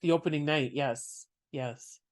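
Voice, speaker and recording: A podcast host telling stories in casual chat, chatty and quick to laugh. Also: mid-range voice. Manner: chatty, storytelling, laughs often.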